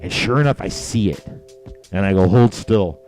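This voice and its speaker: A man's voice: deep voice, fairly quick, faint music behind. A man co-hosting a casual chat show, telling a story with lots of swearing and acting out the voices of the people in it. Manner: animated storyteller, acts out voices of people in his stories; crude, swears freely. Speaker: podcast co-host.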